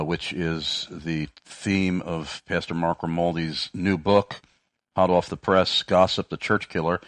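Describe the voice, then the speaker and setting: A man's voice: low-pitched, fairly bright tone, no room sound. A man hosting a Christian talk radio show, talking with many fillers and restarts. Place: radio studio. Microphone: studio microphone.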